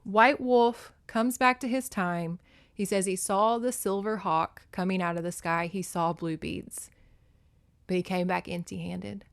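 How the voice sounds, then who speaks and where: Podcast host woman, expressive casual monologue, swings from hushed to loud, records on her phone. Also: mid-range voice, a little slow. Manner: animated and emotional, swings between loud and soft; laughs and curses freely. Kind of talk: casual book recap monologue.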